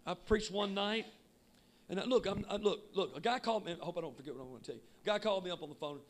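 A man preaching a sermon with emphatic shouting that drops to quiet asides. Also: high-pitched, rapid-fire. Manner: shouting, emphatic, swinging between loud and quiet. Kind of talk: Pentecostal sermon.

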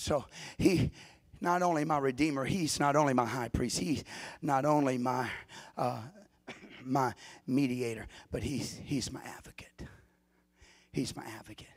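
A man's voice: mid-range voice, dry recording. A man preaching a sermon in repeated, rhythmic phrases.

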